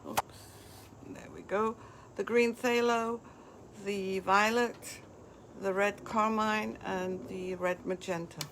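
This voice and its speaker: A woman's voice: mid-range voice, steady tone, slow pace, noisy background. A woman hosting a live craft demonstration, chatting as she walks viewers through each step. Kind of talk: live craft product demo.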